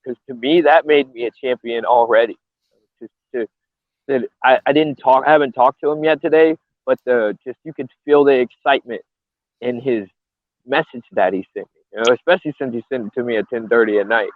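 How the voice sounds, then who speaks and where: A man's voice: medium pitch, brisk, no echo. A man who fights and coaches, speaking earnestly and a little emotionally, often restarting his sentences. He comes through a tinny, phone-like video call line with a dry sound. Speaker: bare-knuckle fighter and coach. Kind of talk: casual interview.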